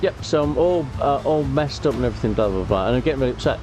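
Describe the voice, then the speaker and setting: A man's voice: mid-range voice, lively intonation, fast talker. Rambling man over game music. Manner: rambling, many fillers and restarts. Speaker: gaming YouTuber. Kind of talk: casual gameplay commentary and storytelling.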